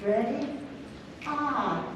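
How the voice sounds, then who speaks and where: A woman clinician, her voice high-pitched, expressive and very slow, leads a string orchestra rehearsal by counting beats, singing counts and quizzing the musicians. Background noise is heavy, and the large convention rehearsal hall sounds echoey and far off.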